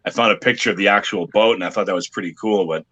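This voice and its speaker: Hesitant low-voiced man, bright muffled tone. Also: racing. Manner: hesitant, many uh fillers. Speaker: guest on video call. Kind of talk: casual chat.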